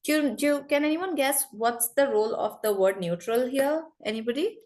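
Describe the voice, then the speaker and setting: A woman in her forties from India, teaching an online spoken English class over a video call in a lively, encouraging way. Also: high-pitched, fairly quick. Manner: lively, encouraging, addresses students often.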